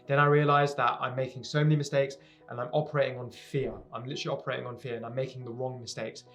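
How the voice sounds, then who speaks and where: A young male entrepreneur speaks directly to camera, advising viewers on starting a business in a motivational talk. His medium-pitched voice is a bit bright, and he's earnest and emphatic, driving points home by repeating phrases.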